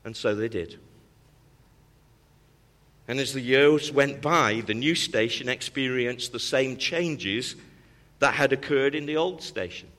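A man's voice: medium pitch, slow, pauses often, a bit bright, in a large hall. A man preaching a sermon as pastor, with an emphatic, repetitive cadence that builds through rising calls.

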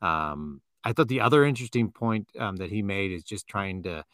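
A man's voice: fairly low pitch, lively intonation, normal speed, a bit bright, dry recording, studio quality. A man co-hosting a podcast, chatting casually, joking and laughing often, with many fillers. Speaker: podcast co-host. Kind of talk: casual chat.

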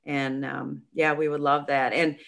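A middle-aged woman telling a long story in a casual interview, chatty and animated, with many restarts. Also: deep voice, a little slow, gravelly. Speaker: nonprofit founder, guest.

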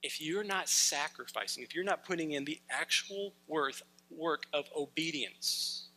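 Bright, animated casual male preacher. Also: a little high, a little slow, rough recording. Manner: conversational, animated, acts out quoted lines. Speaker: pastor. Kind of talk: casual sermon.

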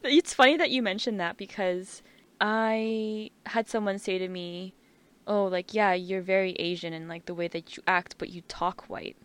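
A woman's voice: mid-range voice, steady tone, clear, resonant tone. Easygoing young woman in casual chat. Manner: easygoing, with plenty of filler words and quick agreement.

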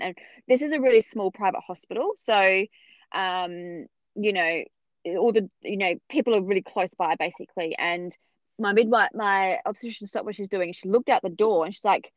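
A young woman telling a personal story in casual chat, acting out the other voices with big jumps in pitch. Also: moderate pace, no echo, highs cut off. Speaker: podcast guest telling her birth story.

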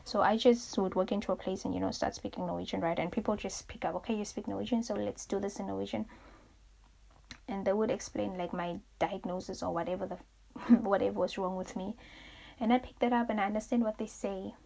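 A young adult woman hosting a reflective solo podcast, rambling through her thoughts, searching for words and growing animated as she recounts stories. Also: medium pitch, fast talker, creaky. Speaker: podcast host.

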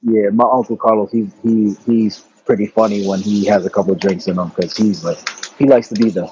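A man co-hosting a podcast, talking in a relaxed, slangy way about family. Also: fairly low pitch, fairly quick, muffled recording, background noise. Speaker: podcast co-host. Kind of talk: casual family chat.

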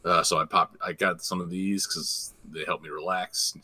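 A man's voice: sits low, little pitch movement, moderate pace, sharp tone, slightly rough, dry recording. A man co-hosting a comedy podcast, rambling in casual chat and laughing mid-sentence. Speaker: podcast co-host.

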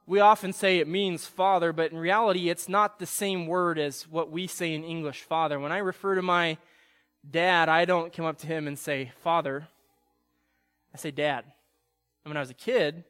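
A man's voice: on the high side, steady tone, normal speed, fairly bright tone, clear, resonant tone, soft background music. A young man preaching an earnest sermon as a pastor, his voice carried by a long church reverb. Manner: earnest, builds to pleading intensity.

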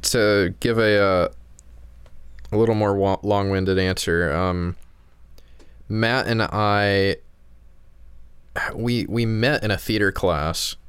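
A man's voice: lowish voice, fairly even intonation, takes it slowly, pauses often, fairly bright tone, smooth, no echo. A man co-hosting a podcast, talking in a laid-back, rambling way with many restarts over a call. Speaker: podcast co-host. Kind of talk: casual chat. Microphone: remote call.

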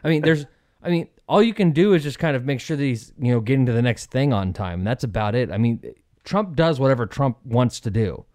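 A man's voice: medium pitch, animated, brisk, a little mellow, no room sound, studio quality. A man co-hosting a podcast in casual chat, a chatty storyteller who laughs easily and rambles. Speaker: podcast co-host.

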